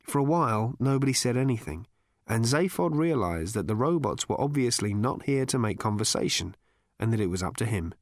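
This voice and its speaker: A man narrating a story as an audiobook in a dry, wry, measured way. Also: mid-range voice, expressive, no echo.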